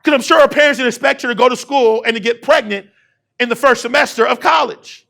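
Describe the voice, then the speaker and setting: High, bright, gravelly-voiced man speaker. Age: 30s. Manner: call-and-response with the audience, rising to shouts; emphatic repetition, slowing down for key words. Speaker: keynote speaker. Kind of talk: motivational keynote speech.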